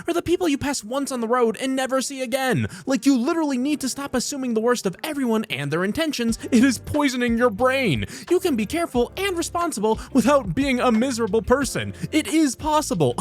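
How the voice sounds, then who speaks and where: A voice actor reading funny online posts aloud for comedy, talking in an animated way with swooping pitch and sudden silly character voices.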